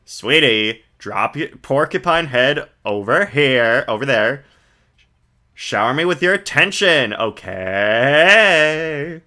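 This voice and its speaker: A man's voice: medium pitch, lively intonation, slow pace, sharp tone, voice pushed up. A man doing a flamboyant, smarmy stage magician. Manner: theatrical, drawls "sweetie", showy.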